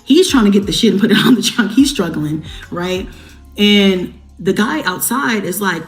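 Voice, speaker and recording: A woman vlogger talks straight to her viewers in a casual storytelling style. She is blunt and swears constantly, hitting her words with emphasis. Her voice sits at an ordinary middle pitch, with faint music playing behind her. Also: lively intonation, normal speed. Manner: blunt, heavily profane, emphatic.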